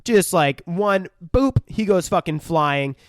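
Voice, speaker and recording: A man's voice: sits high, lively intonation, slow, dry recording, clean studio sound. A man co-hosting a podcast, casually and profanely retelling movie scenes in a film review chat. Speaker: podcast co-host.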